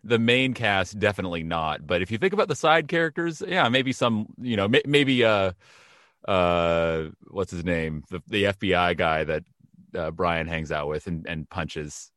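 A man with a very low voice talks through a movie trailer in casual banter. He rambles, trips over his words and fills gaps with ums and uhs. The sound is dry and close. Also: lively intonation, normal speed, fairly bright tone, dry recording. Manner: rambling, hesitant, lots of fillers and restarts. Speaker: podcast co-host.

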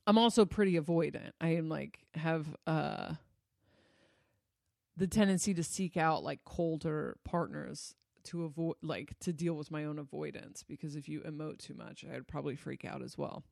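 Gravelly-voiced blunt relationship coach. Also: mid-range voice, moderate pace, a little mellow, no echo, studio quality. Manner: blunt, swears freely, loose and conversational. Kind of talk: casual monologue to an audience.

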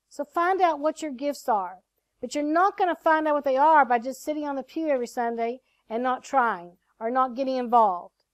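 A middle-aged woman minister preaches and tells her own story in a high voice. She acts out the lines of the people in her story, with dry, close sound and no room echo. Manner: animated storytelling, acting out quoted lines. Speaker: prophet and minister. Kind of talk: testimony and sermon.

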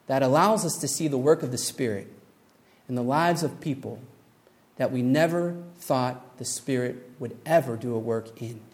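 A man preaching a sermon, telling a story with lively acted-out voices, building to emphatic points. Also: mid-range voice. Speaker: pastor.

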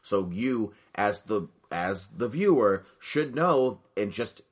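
A man co-hosting a casual podcast, chatty and wry, quick to correct with a fun fact. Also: on the low side, lively intonation, slightly rough. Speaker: podcast co-host.

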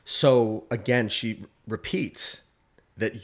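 A man co-hosting a comedy podcast, breaking down pop lyrics like scripture with a deadpan, earnest tone. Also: fairly low pitch, normal speed. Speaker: podcast co-host. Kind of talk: mock-serious scripture-style commentary.

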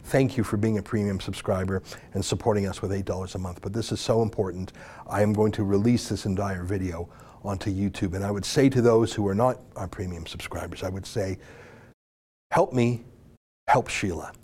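Brief: male host, dark mellow tone, fervent and pleading, drops to a hush at times. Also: low voice, steady tone, a little fast, slightly rough. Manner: emotional, pleading, swings from loud to hushed. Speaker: show host. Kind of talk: impassioned commentary.

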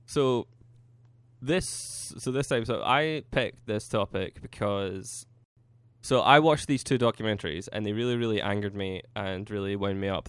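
A man co-hosting a casual podcast in a fairly low, smooth, clear voice. He steers the conversation with frequent uh and um fillers. The sound is dry and close, from a computer mic. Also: no room sound. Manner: steady, organizing, with many uh and um fillers. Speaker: podcast co-host. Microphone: computer mic on a Skype call.

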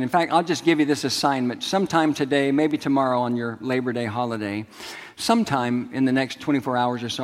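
A middle-aged male pastor delivers a sermon to his congregation, mixing stories with calls for them to respond. His voice sits at an ordinary pitch for a man. It rings out with a long reverb through a large sanctuary. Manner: storytelling, asks the congregation to respond.

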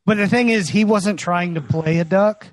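Higher-voiced man joking on a podcast. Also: moderate pace, dry recording. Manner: joking, mock-serious. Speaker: podcast co-host. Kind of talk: casual comedic chat.

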